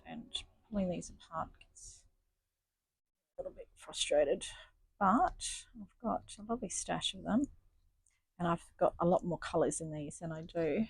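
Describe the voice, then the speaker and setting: Working on her stitching in a home craft studio, this woman talks casually, thinking out loud and poking fun at herself. She has a somewhat low, slightly rough, mellow voice, with no room sound in the recording.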